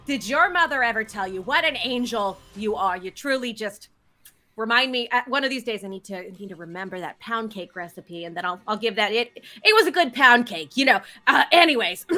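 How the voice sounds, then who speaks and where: A woman's voice: on the high side, pushed and bright. A woman voicing the gossipy ghost of an old small-town woman, with a Southern US accent and rambling, folksy chatter. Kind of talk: tabletop role-play.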